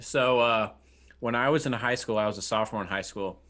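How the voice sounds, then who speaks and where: A man's voice: mid-range voice, brisk, fairly bright tone. A man co-hosting a live movie podcast, telling jokey anecdotes and laughing a lot. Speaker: podcast co-host. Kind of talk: casual live podcast banter.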